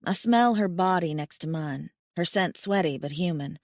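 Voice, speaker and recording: A woman's voice: on the low side, normal speed, few pauses, dry recording. Woman narrating an audiobook, wry and dry. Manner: wry, self-mocking storytelling. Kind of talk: first-person audiobook narration.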